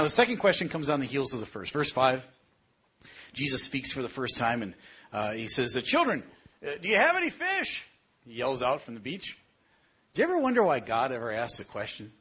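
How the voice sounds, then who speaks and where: A middle-aged man preaches a sermon conversationally, telling stories and posing rhetorical questions to his listeners. His medium-pitched voice is husky with a fairly bright tone, though the audio sounds dull.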